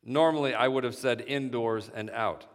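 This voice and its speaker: Man, story reading, measured, mid-pitched, reverberant. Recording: reverberant hall sound.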